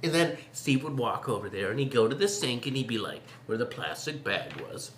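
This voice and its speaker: Animated, bright-voiced male host. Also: medium pitch, fairly quick, echoey room, a little hiss or hum. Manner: playful, laughing, acts out voices in stories. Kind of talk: casual interview chat, storytelling.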